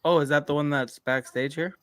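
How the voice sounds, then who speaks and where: A man's voice: on the high side, steady tone, brisk, a bit bright, dry recording, clean studio sound. A man hosting a podcast, teasing his guest and laughing as he swears freely. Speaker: podcast host. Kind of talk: casual chat.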